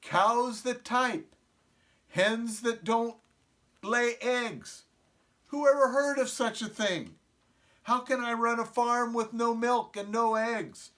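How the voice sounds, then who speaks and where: A man's voice: sits high, sing-song, slow pace, sharp tone, exaggerated voice. A man voicing an exasperated farmer in a children's storybook, exclaiming indignantly. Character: exasperated grown male farmer.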